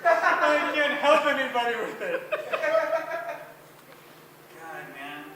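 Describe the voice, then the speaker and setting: A man's voice: extremely high pitch, very animated, takes it slowly, sharp tone. A man doing a stand-up set at an open mic, awkward and self-mocking, rambling with lots of fillers. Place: bar open mic stage. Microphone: stage microphone in a bar. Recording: echoey bar recorded from far off.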